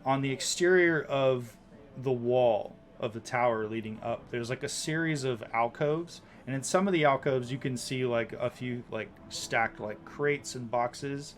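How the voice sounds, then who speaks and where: A man running a tabletop game as dungeon master, narrating scenes in a loose, descriptive way with many likes and ums. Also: medium pitch.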